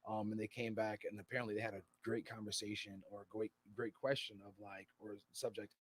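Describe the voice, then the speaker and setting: A man's voice: on the low side, level tone, a little fast, a little hiss or hum. American man rambling on a podcast. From United States. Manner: rambling, reads out comments, laughs often. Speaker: podcast co-host. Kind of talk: casual chat.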